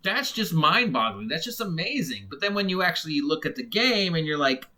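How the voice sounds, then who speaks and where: A man's voice: fairly high pitch, very animated, brisk, bright, forceful tone. A man giving a casual, rambling monologue as a game reviewer, full of fillers and restarts. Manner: mock voices when imitating others.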